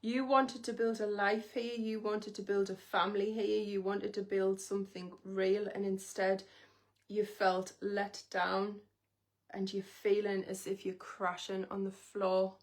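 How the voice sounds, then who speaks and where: A woman's voice: medium pitch, little pitch movement, a little slow. Emotive woman giving a live reading. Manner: emotive, intimate, speaks straight to the viewer. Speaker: psychic reader on a livestream.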